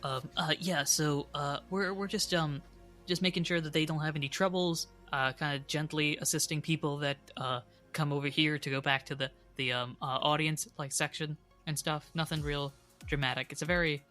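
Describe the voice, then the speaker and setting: Man playing a nervous, stuttering helper in a tabletop game, bright edge to the voice. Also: mid-range voice, fairly even intonation, normal speed, faint music behind, lightly acted. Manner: stammering, many restarts. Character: nervous, stammering young male helper.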